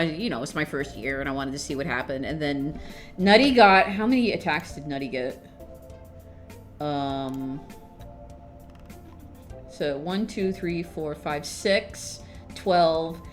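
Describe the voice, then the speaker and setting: A woman streamer chatting casually to her viewers, excitable, swinging between mumbles and squeals of laughter. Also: low voice. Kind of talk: casual livestream chat.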